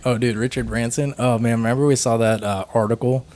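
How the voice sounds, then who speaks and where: A man's voice: medium pitch, fairly even intonation, fairly quick, darkish tone. A young man co-hosting a podcast in a laid-back, casual chat full of "like" and "dude". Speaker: podcast co-host. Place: from Phoenix.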